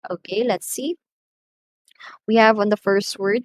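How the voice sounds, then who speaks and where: Slow Filipino woman teaching English. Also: medium pitch, no echo, rough recording. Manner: slow and deliberate, stressing example words loudly. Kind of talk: recorded lesson.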